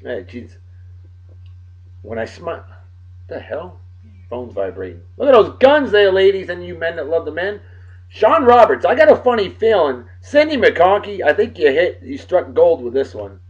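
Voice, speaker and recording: A man's voice: fairly high pitch, moderate pace. Rowdy new guy hosting his beer show, voice jumping all over, dull lo-fi sound. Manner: loud, excitable, swears and jokes, swings from shouting to muttering. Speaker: host of a daily beer and song show.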